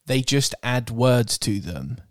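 Casting note: man, mid-pitched, sweary exasperated podcast ranter, dry close mic. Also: sing-song, takes it slowly, no room sound. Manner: sweary, exasperated, laughs often. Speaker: podcast co-host. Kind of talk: casual comedic rant.

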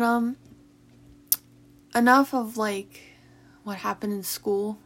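Young woman vlogger, mid-pitch voice, emotional and halting, sighs between restarts. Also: slight background noise. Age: young adult. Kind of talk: personal confessional talk.

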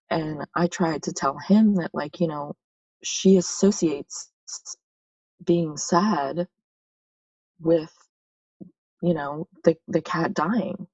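Slow gravelly low-voiced mother. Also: darkish tone, dry recording, recorded from a distance, muffled recording. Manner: slow, thoughtful, hesitant. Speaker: parent in support group. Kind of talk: casual support-group sharing.

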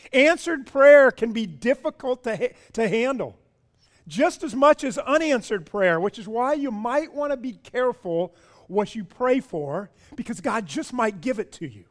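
A man preaching a sermon as a pastor, animated, asking his congregation questions and often repeating words. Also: very high-pitched, moderate pace.

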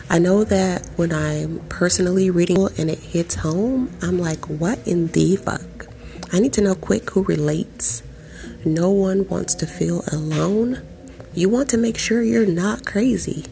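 A young adult woman hosting a podcast, reading out an article and commenting on it in an animated, profane, sarcastic way. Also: fairly low pitch, vocal fry. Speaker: podcast host.

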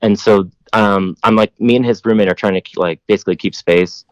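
Rambling low-voiced man telling a story. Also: fairly even intonation, a little fast, dry recording. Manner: rambling, heavy use of "like", casual swearing. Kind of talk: casual storytelling chat.

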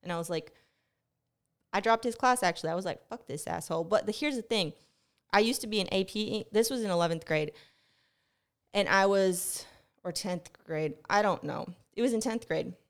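A young woman hosting a podcast, telling a rambling, profane story in a casual monologue, her close mic catching her breathing. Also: medium pitch. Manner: profane, animated storytelling, rushes then slows. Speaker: podcast host. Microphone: close mic picking up breathing.

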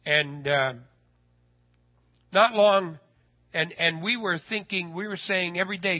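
A man telling a personal story in a sermon, folksy and animated, his voice rising when he gets excited. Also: sits high, slow pace, pauses often, lo-fi sound.

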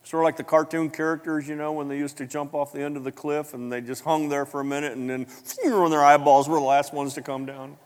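A man preaching a sermon, telling the story with animated acted-out voices and big jumps in pitch, coughing now and then. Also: brisk, few pauses, clean tone. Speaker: pastor. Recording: long hall reverb.

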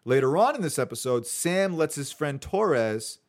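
A man's voice: a little high, sing-song, moderate pace. A man hosting a casual podcast, running through his notes in a chatty way with fillers. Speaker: podcast host.

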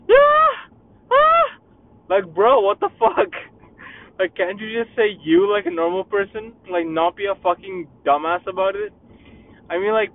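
Young male podcast host, exasperated profane rant, slightly high voice, phone-quality sound. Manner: profane, exasperated ranting with many fillers and restarts.

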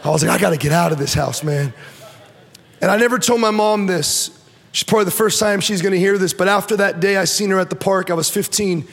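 High-voiced man telling his story. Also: fairly quick, vocal fry, big-room sound. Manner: animated storytelling, acts out quotes, repeats and restarts. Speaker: guest speaker. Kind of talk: personal testimony to a church audience.

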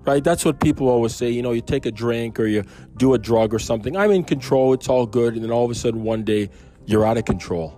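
A man's voice: mid-range voice, fairly even intonation, quick pace, warm tone, faint music behind. A man reading a Bible passage aloud and breaking off into chatty, musing asides with restarts. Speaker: Bible reader and commentator. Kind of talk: casual Bible reading with commentary.

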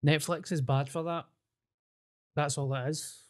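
A man's voice: on the high side, steady tone, measured pace, a little mellow. A man co-hosting a casual podcast, chiming in with short remarks. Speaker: podcast co-host. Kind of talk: casual chat.

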